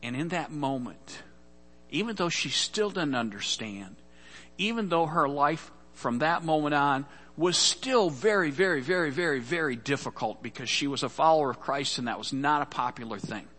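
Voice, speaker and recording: A man's voice: a little high, animated, moderate pace, pushed and bright, big-room sound. A man preaching a sermon, telling a scripture story earnestly and often repeating words as he goes. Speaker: pastor.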